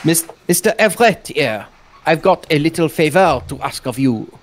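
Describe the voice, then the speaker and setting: A man's voice: fairly high pitch, lively intonation, moderate pace, slight background noise. A man voicing a worried husband pleading with a neighbor for help during a game playthrough. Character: worried man pleading for his missing wife. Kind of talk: let's play voice acting.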